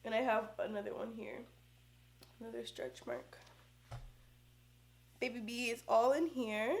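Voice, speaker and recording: A woman's voice: a little high, big pitch swings, a little slow, gravelly, a little mellow. A young woman vlogging to the camera about her first pregnancy in a chatty, heartfelt way, with lots of fillers. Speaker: vlogger, first-time mom. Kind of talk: casual chat to camera. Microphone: camera close up. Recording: roomy echo.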